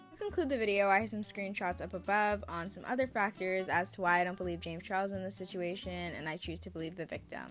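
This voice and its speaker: A woman's voice: fairly low pitch, fairly even intonation, a little fast, hardly any pauses, faint music behind. A young woman narrating a scripted commentary video, indignant when calling someone out, rambling and stuttering in the outro. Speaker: commentary YouTuber.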